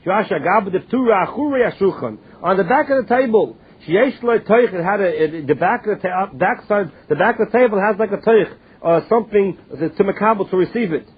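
A man teaches a Talmud class, reading lines and translating them into English with frequent restarts. His voice sits high and is animated, fairly quick, and slightly rough, heard over tinny phone-line audio.

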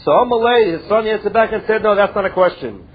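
A man's voice: high-pitched, lively intonation, fast talker, breathy edge. A man teaching a Talmud study lesson, reading Hebrew and Aramaic phrases and explaining each in plain English. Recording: tinny phone-like audio.

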